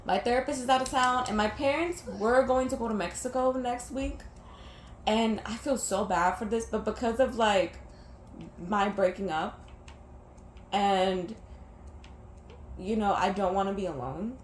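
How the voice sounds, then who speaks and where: A woman's voice: medium pitch, measured pace, pauses often. A young woman talking casually over gameplay, venting candidly and rambling, swearing freely. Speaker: gaming vlogger. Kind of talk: casual gameplay chat mixed with personal venting. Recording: echoey room with faint background noise.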